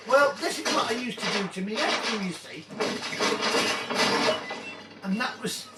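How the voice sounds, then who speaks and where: A rambling, jokey older man who chats casually while he plays a game, drifting off into little stories. The room sounds big and echoey, and the mic sits some distance away. Steady noise runs underneath. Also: high voice, a little slow. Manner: rambling, jokey, chatty storytelling. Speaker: gaming video host. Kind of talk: casual chat while playing. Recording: roomy, distant mic, noisy background.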